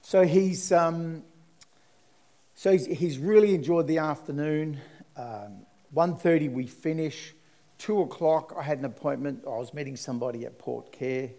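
Animated Australian man telling a story. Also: fairly high pitch, measured pace. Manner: animated storyteller, voice rising and dropping. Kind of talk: storytelling testimony.

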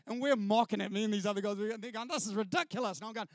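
A man tells a funny story from the stage in an unusually high voice. He is lively and animated, breaks into mimicry of others and laughs mid-sentence. The sound is very dry and close. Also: very fast, few pauses, dry recording. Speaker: speaker sharing a testimony. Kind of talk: comic storytelling to an audience.

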